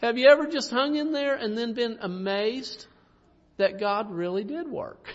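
Male preacher, high-pitched, homespun delivery with tag questions, muffled recording with long hall echo. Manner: folksy preaching, rhetorical tag questions, soft chuckles. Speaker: pastor. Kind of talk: sermon. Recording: dull sound with long reverb.

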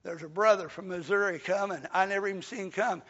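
An older man preaching a sermon in a folksy way, swelling to shouts and dropping to a hush. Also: high voice, fairly even intonation, fast talker. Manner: folksy, rising to shouts then dropping soft. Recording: dull lo-fi recording in a reverberant hall.

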